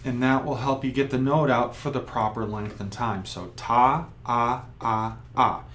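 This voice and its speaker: A man's voice: medium pitch, moderate pace, slight background noise. Patient male trumpet teacher explaining steps. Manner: patient, step-by-step explaining with spoken demonstrations. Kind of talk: instructional video lesson.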